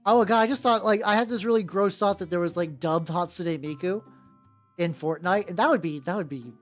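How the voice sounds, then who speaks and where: Here a streamer with a brisk, mid-range voice paints miniatures and chats casually on a live stream. There's no notable accent, and the rambling talk is thick with fillers and casual curses. Faint background music can be heard.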